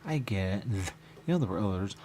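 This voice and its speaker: A man's voice: on the low side, animated, brisk, noisy background. A man hosting a radio show, talking in a rambling, mumbling way and repeating little phrases to himself. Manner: mumbling, repeats "there you go", chuckles. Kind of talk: rambling casual talk.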